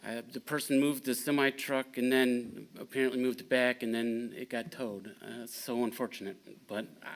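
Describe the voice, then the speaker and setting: A man's voice: mid-range voice, fairly even intonation, normal speed, hardly any pauses. A man speaking at public comment in a town council meeting, blunt and indignant, with filler ums.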